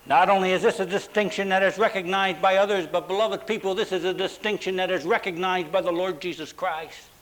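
A man preaching a sermon, stressing words with drawn-out pauses and dramatic emphasis. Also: sits high, steady tone, a bit bright, poor audio. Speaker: pastor.

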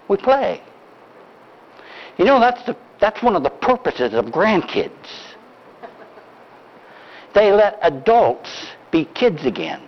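An older man preaching a sermon, telling a story in an animated, deliberate way, heard on a dull lo-fi recording. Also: high-pitched. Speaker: pastor.

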